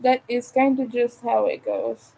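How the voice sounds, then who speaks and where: A woman's voice: a little high, fairly even intonation, measured pace, gravelly, mellow, slightly rough, low-quality recording. A woman from Montreal with a Montreal English accent, hosting a casual crochet livestream from home, rambling and thinking aloud as she works. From Montreal, Canada. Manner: rambling, chatty, thinks aloud while crafting.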